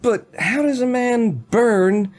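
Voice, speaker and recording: Player voicing a drunk jailed villager, put-on accent, rowdy, defensive, very swooping pitch. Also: very animated, moderate pace, lightly acted. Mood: protesting.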